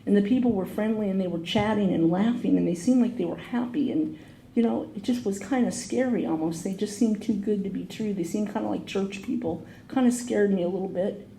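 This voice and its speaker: Woman, very dark mellow voice, earnest storytelling, echoey room, faint noise. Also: medium pitch, brisk, vocal fry. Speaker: AA speaker. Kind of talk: recovery talk, personal story. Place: meeting hall.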